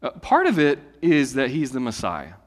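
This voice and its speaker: A pastor in his late thirties preaches with an easy, conversational delivery, rising to loud declarations and dropping to hushed asides. His voice sits at an ordinary male pitch. It rings through a hall with a long reverb tail. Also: wildly swooping pitch, moderate pace. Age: late 30s. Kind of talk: sermon.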